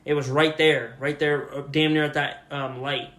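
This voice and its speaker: A young man co-hosting a podcast, telling a story casually and with lots of swearing, shouting out the lines he quotes. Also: on the high side, moderate pace. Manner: profane, animated retelling with loud shouted quotes. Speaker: podcast co-host.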